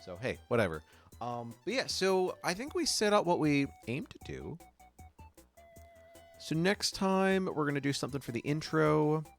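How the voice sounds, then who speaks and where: Streaming live while making music, a man with a fairly high, very animated, gravelly voice chats casually at a moderate pace. He rambles and thinks aloud, trailing off mid-sentence, and a sore tongue gives him a slight lisp.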